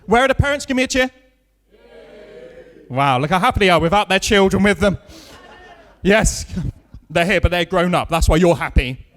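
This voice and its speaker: High-voiced man doing dry stand-up. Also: expressive, moderate pace, long pauses, a bit bright. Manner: dry, self-mocking storytelling with punchlines. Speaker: stand-up comedian. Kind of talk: stand-up set with crowd work. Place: comedy club stage, live show.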